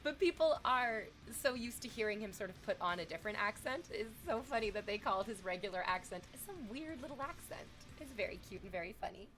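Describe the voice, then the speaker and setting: A woman's voice: mid-range voice, a little fast, hardly any pauses, slight background noise. Chatty woman streamer reading chat. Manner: chatty, animated, thanks subscribers, reads chat aloud. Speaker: livestreamer. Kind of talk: casual stream chat with viewers.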